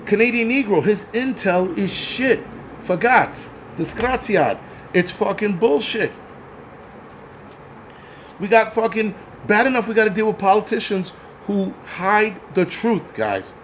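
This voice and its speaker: A man's voice: high-pitched, lively intonation, a little slow, a little hiss or hum. A man hosting a live stream, ranting heatedly and profanely, often stammering over the start of a sentence before pushing on. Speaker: channel host.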